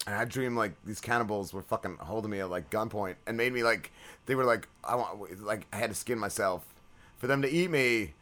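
A man's voice: on the low side, brisk, bright, forceful tone. A man hosting a podcast in casual chat, telling crude, profane, rambling stories. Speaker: podcast host.

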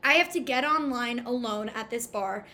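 High-voiced young woman telling a story. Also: moderate pace. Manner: animated, breathless storytelling with quoted dialogue. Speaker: storyteller guest. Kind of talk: casual chat.

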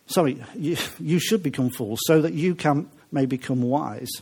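A man's voice: fairly high pitch, moderate pace, creaky, darkish tone, breathy edge. A man preaching a humorous sermon, chatty and joking with his listeners between points. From Welsh family. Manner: chatty, joking asides to the congregation.

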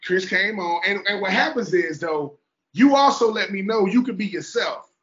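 High-voiced chatty man hosting a podcast. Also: expressive, moderate pace, a bit bright. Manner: talkative, loose and joking, acts out quoted people. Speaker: podcast host. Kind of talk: casual interview chat. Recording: dull lo-fi sound.

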